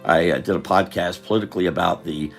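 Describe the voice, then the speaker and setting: A man's voice: low-pitched, fairly even intonation, fast, gravelly, faint music behind. An older man chatting on a live stream while he draws, rambling and interrupting himself, tired. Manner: meandering, self-interrupting, chatty.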